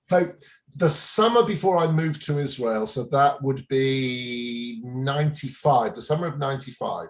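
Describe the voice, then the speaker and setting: A man in his fifties, a guest on a talk show, telling a story in a relaxed, chuckling way with frequent restarts. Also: mid-range voice, measured pace, faint music behind. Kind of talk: casual interview anecdote.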